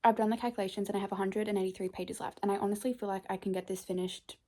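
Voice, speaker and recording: Fast-talking chatty young woman. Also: medium pitch. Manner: chatty, rambling, filler-heavy, excitable. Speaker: book vlogger. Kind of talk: casual vlog chat.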